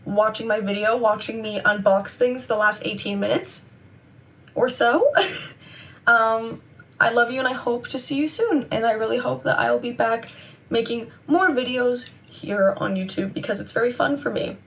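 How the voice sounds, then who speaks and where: A young woman rambles cheerfully through a casual vlog catch-up. Her voice sits high and sounds a touch worn. She is recorded from a little way off the mic. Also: moderate pace, creaky, a bit bright, recorded from a distance. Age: 20s. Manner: chatty, rambling, upbeat. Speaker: vlogger and convention seller. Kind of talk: casual chat to camera.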